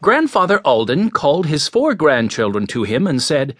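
Guy reading a kids' audiobook, very lively pitch, slightly raised, dry sound. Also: moderate pace, few pauses, no echo. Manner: expressive, storytelling. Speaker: audiobook narrator. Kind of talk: scripted children's story narration.

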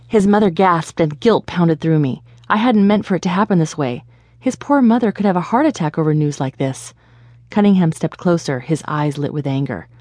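A woman reading a first-person audiobook in a steady, measured storytelling manner. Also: fairly low pitch, dry recording. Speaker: audiobook narrator.

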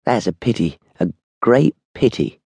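A man voicing a calm, courteous beggar who speaks in a measured, quietly reverent way. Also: lowish voice, vocal fry, breathy edge, dry recording, voice pushed up, heavily acted.

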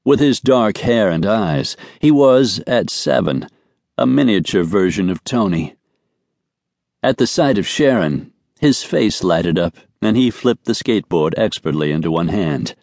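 A man narrating a romance audiobook in an even, measured way. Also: on the low side, gravelly, dry recording. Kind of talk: scripted narration. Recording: dry studio recording.

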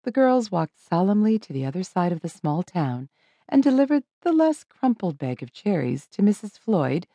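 Lively woman narrating a kids' audiobook. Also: on the low side, normal speed, no room sound, dull audio. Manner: lively, expressive storytelling.

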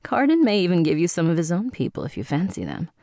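Lady narrator doing a sly ancient schemer, smooth and persuasive, lowish voice. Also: huge pitch swings, fast, warm tone, no room sound, studio quality, full character voice. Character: scheming ancient female vampire-like elder, manipulative.

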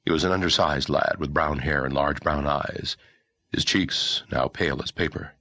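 A man narrating a historical novel audiobook in a measured, expressive storytelling manner. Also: very deep voice, no room sound. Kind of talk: scripted narration.

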